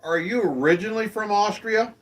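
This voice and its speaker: A man's voice: high-pitched, a little fast. A man hosting a live-stream show, chatting casually and in a friendly way with his viewers and asking them questions.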